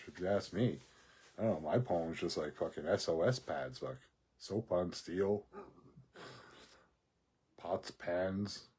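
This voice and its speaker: A man's voice: low voice, darkish tone, breathy edge. A man telling a rambling personal story in a casual monologue, profane and laughing often. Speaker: vlogger.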